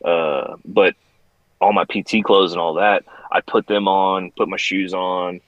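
Low-voiced man telling relaxed stories. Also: a little slow, no room sound, dull audio. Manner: relaxed storyteller, self-mocking. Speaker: Air Force veteran, former training instructor. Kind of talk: casual podcast chat.

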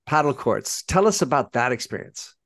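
A man's voice: medium pitch, sing-song, normal speed, fairly bright tone, dry recording, studio quality. A man hosting a podcast asks his guests questions in an upbeat, encouraging way. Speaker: podcast host. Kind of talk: interview questions.

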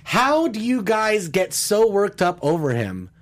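A man hosting a casual gossip chat about reality TV, catty and animated, slipping into quick mimicked quotes. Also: high voice. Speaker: host.

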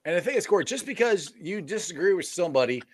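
A man hosting a casual podcast chat, relaxed and agreeable, prompting his guest. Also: high voice, fast talker. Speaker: podcast host.

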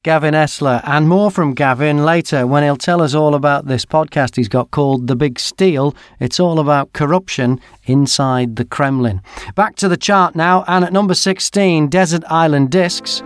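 High-voiced English radio host. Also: male voice, moderate pace, clean tone, dry recording, studio quality. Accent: British English. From England. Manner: jokey, chatty presenter banter. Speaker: radio podcast chart host. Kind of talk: casual radio chat.

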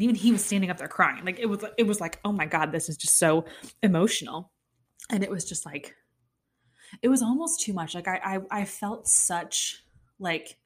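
A young woman hosting a podcast, telling a story in casual chat with a lot of fillers and plenty of feeling. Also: on the low side. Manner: chatty, lots of fillers, emotional storytelling. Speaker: podcast host.

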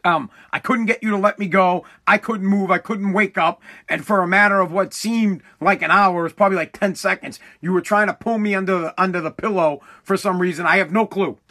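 A man's voice: sits high, steady tone, fairly quick, few pauses, sharp tone. A man hosting his own podcast, talking casually in a rambling, profane way with many restarts. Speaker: podcast host. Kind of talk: casual solo podcast monologue.

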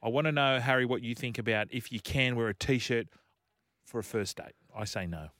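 A man's voice: medium pitch, moderate pace, a bit bright, no echo, studio quality. A man with an Australian accent, hosting a radio show with teasing, bossy banter. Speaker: radio host. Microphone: studio microphone.

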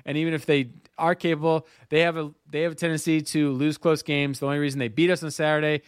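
Crisp, dry-voiced man in casual chat. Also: fairly high pitch, little pitch movement, fast, no room sound. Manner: stammering restarts, joking asides. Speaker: podcast co-host.

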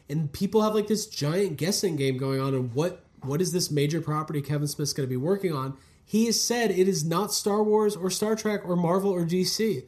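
A man hosting a podcast in casual, animated banter, joking and swearing freely. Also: a little high. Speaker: podcast host.

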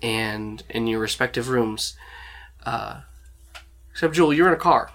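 A man's voice: medium pitch, measured pace, fairly bright tone. A man narrating a tabletop role-playing game as game master, in a loose storytelling way with lots of fillers.

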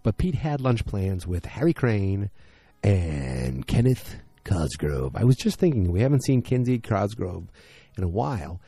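A man's voice: lowish voice, very animated, a little slow, warm tone, slightly rough, no echo. A tired man hosting a podcast late at night, rambling through a casual episode recap and correcting himself as he goes. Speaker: podcast host.

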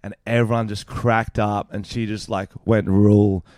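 Low-voiced Australian comedian, swearing freely. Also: male voice, measured pace, no echo, clean studio sound. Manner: profane, animated storyteller acting out exchanges. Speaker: stand-up comedian and podcast co-host. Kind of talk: casual podcast chat.

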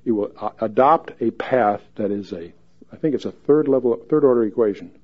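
A man's voice: medium pitch, brisk, dull audio. Folksy joking man teaching scripture. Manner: folksy and joking, reads scripture with rising emphasis. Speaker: Bible teacher. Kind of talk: verse-by-verse Bible teaching.

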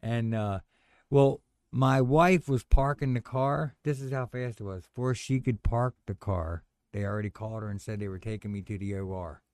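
A middle-aged man telling a personal story in casual chat, animated and acting out the voices of others. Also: on the low side, moderate pace, no echo, clean studio sound. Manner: animated storyteller, acts out quoted voices, says "man" a lot.

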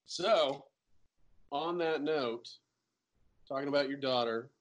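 A man's voice: medium pitch, slow pace. A man hosting an interview, leading upbeat into a break. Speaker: host.

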